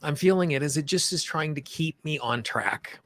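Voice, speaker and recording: Bright-voiced man guiding a tapping session. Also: a little high. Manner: slow, soothing affirmations; informal, chatty asides. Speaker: tapping coach. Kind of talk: guided tapping session, call and repeat.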